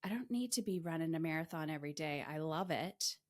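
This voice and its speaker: Speaking a little fast in a deep voice, this middle-aged podcast host recounts something from her own life with candor. Her delivery is emphatic, full of swearing and lively retellings.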